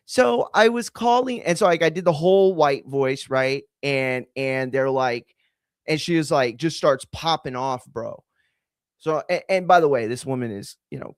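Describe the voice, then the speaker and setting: A man hosting a podcast, telling a long story in a casual, profane, animated and digressive way. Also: medium pitch, no echo. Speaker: podcast host.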